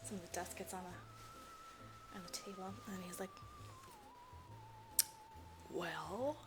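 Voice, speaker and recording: Over music, a woman with a mid-range voice talks at a moderate pace as a podcast co-host. Her movie recap is casual and lively, peppered with swearing and acted-out lines from the characters.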